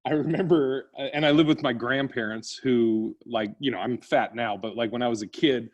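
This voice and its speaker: A man's voice: mid-range voice, steady tone, moderate pace, lo-fi sound. A man, a stand-up comedian guest, telling childhood stories in casual chat over a video call, laughing often and acting out voices.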